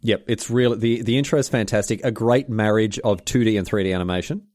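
A man co-hosting a podcast in casual chat, jokey and animated, often mimicking cartoon voices. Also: fairly low pitch, brisk, dry recording, studio quality. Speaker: podcast co-host.

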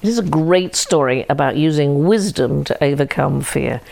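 A woman reading a storybook fable aloud in a slow, deliberate, expressive way. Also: deep voice, gravelly.

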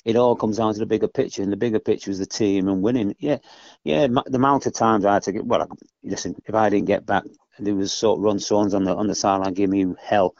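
On dry, dull lo-fi podcast audio with no room sound, a former footballer, now older, talks as a guest in a relaxed interview. He speaks quickly in a lowish, darkish, steady voice, rambling and regularly adding "you know what I mean."

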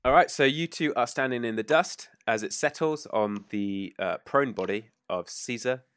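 A man running a tabletop game as game master, narrating casually with many fillers and quick rulings. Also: mid-range voice, a bit bright, smooth, no room sound, clean studio sound.

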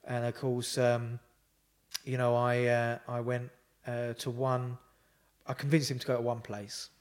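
A man's voice: mid-range voice, monotone, a little slow. Man, casual storytelling, rambling, many fillers, quoted dialogue. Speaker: podcast guest.

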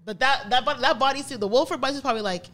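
A young woman hosting a podcast, talking in a blunt, profane and excitable way. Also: sits high, very fast. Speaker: podcast host. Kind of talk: casual chat.

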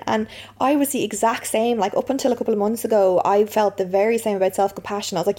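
Lady chatting, frank, swears casually, mellow voice. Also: medium pitch, steady tone, fast. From Ireland. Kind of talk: supportive casual chat.

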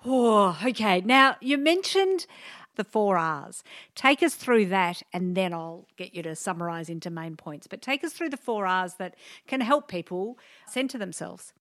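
Brisk woman podcast host, dry sound. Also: mid-range voice, lively intonation, fairly bright tone, no echo. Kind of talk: podcast interview.

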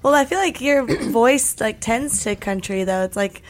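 A woman's voice: a little high, moderate pace. A woman co-hosting an interview, asking friendly questions and filling her speech with "like". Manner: friendly, uses "like" a lot. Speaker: co-host. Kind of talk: casual interview chat.

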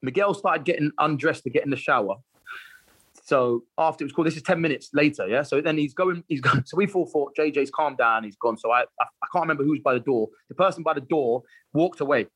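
A man, a footballer guest telling lively anecdotes in a casual interview, laughing and repeating himself. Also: a little high, fast, slightly rough.

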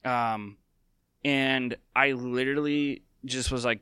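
A man's voice: medium pitch, level tone, a little slow, pushed and bright, clean tone, no room sound, clean studio sound. A young adult man hosting a podcast, talking candidly and from the heart, with many fillers and restarts. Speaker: podcast host. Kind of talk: casual personal talk.

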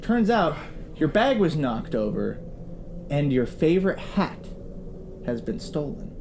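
A man narrating an improvised role-play game as game master, in a playful, animated way. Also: a little high, unhurried, noisy background.

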